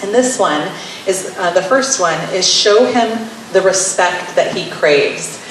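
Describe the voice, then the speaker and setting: A woman's voice: fairly low pitch, lively intonation, takes it slowly, a bit bright. A woman teaching wives about marriage, wry and playfully sarcastic, often acting out little scenes. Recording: very echoey room, mic far off, faint hiss.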